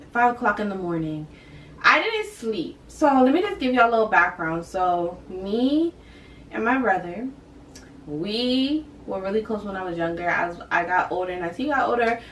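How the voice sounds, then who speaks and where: A young woman vlogger telling a personal story in casual, animated, slang-heavy chat, talking to her viewers. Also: mid-range voice, far from the mic. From Boston area. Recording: roomy, from off the mic, faint hiss.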